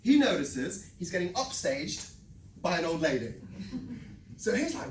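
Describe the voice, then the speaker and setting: A sales trainer giving a lively live workshop talk to a room, telling a story and checking in with the audience by asking "right?". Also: medium pitch, brisk, a little hiss or hum. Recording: echoey room, mic at a distance.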